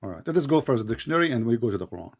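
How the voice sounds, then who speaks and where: A man's voice: medium pitch, big pitch swings, rapid-fire, vocal fry. A man who speaks natively, hosting a heated live debate, combative and mocking, often talking over the other side. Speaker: debate host.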